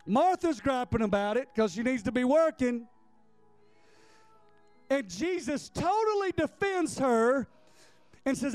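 A man preaching a sermon with passion, often repeating words and building up to near-shouts. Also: very high-pitched, expressive, measured pace, pauses often, dry recording, soft background music.

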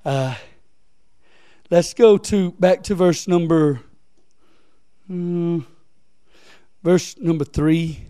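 A man's voice: a little high, very slow, pauses often, dark tone, smooth, dry recording, studio quality. A man preaching a sermon, repeating phrases and rising into emphatic, near-sung lines.

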